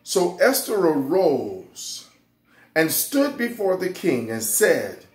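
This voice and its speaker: A man teaching an excited Bible lesson to children, fervent and repeating his phrases. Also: on the high side, slow pace, reverberant, soft background music. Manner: fervent, repeats phrases, keeps saying "watch this" and "y'all".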